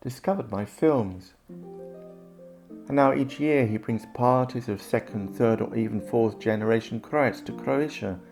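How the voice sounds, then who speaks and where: A man giving calm, measured scripted narration for a documentary film, with guitar music underneath. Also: mid-range voice.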